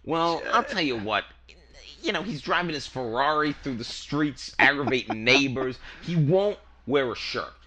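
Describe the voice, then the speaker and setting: A man's voice: medium pitch, lively intonation, normal speed, crowd noise. A man co-hosting a comedy podcast, ranting in a fired-up, profane way. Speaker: podcast co-host.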